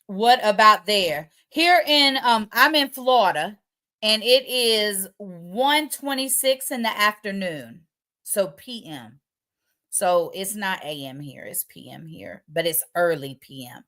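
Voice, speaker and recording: A woman hosting a casual livestream chat. She reads viewer comments aloud and answers them in relaxed, colloquial slang. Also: medium pitch, slow pace. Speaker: livestream host.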